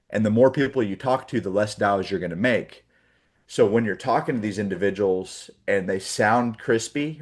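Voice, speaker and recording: A man in his forties, his voice on the low side, gives a casual morning training talk to sales agents. He fills it with fillers and acts out example calls.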